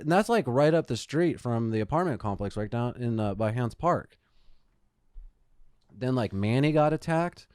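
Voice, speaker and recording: A man's voice: mid-range voice, lively intonation, moderate pace, darkish tone, smooth, dry recording, clean studio sound. A man hosting a podcast, telling rambling profane stories in casual chat. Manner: profane storytelling, swears a lot. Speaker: podcast host. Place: Phoenix, Arizona.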